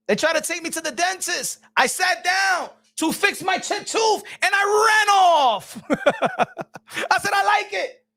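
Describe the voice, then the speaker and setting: A man giving casual livestream commentary, animated and rambling, with frequent restarts, laughs and bursts of shouting. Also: extremely high pitch. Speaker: boxing commentary streamer.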